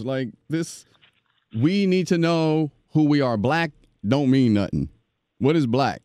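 A man hosting a podcast, talking in an animated, preachy way and often repeating himself. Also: fairly high pitch, takes it slowly, clean tone, dry recording. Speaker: podcast host. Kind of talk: casual podcast interview.

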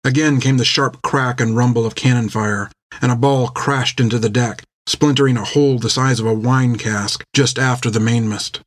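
A man reading an adventure novel aloud in measured, scripted narration on a close mic. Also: medium pitch, fairly even intonation, no room sound. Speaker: audiobook narrator.

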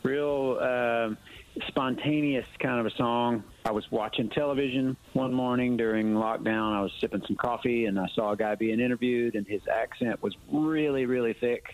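A man, a musician guest, telling stories in a relaxed, rambling way. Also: mid-range voice, moderate pace, low-quality recording. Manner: laid-back, rambling storyteller. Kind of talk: casual interview storytelling.

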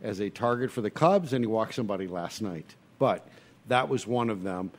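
A man's voice: fairly low pitch, lively intonation, fairly quick. A man hosting a casual sports talk chat, pressing his points about the team with rhetorical questions.

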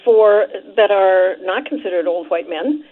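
A woman calls in to a talk radio show and tells her point haltingly, pausing and restarting often. Her voice comes through a thin, tinny phone line. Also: medium pitch. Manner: hesitant, halting, many fillers. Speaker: caller.

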